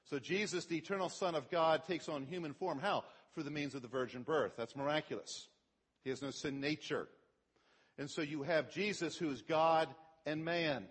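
A middle-aged male pastor delivers a sermon in a slightly husky, higher-than-usual voice. He teaches plainly, then pushes up hard and loud when he quotes the lines he wants to stress. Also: normal speed. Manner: emphatic preaching, voice rising on quoted scripture.

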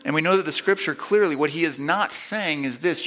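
Guy preaching, bright ringing voice, punches the key lines then goes quiet. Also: fairly quick, hardly any pauses. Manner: emphatic, builds to loud repeated stresses then drops low. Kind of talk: sermon.

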